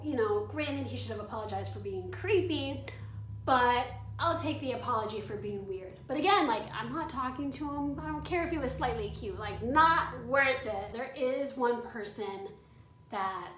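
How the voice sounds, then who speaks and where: A woman's voice: a little high, fairly bright tone, a little hiss or hum. A woman in her twenties telling a candid storytime vlog, chatty and full of "like.". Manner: chatty, candid, heavy use of "like". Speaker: vlogger. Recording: echoey room, away from mic.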